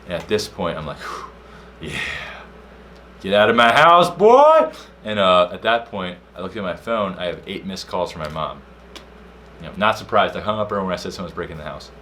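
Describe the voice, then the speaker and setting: A young man co-hosting a casual podcast, telling a story with slang and loud acted-out quotes. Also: sits low, fast, a little hiss or hum. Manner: animated storyteller, slangy, acts out quotes loudly. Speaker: podcast co-host.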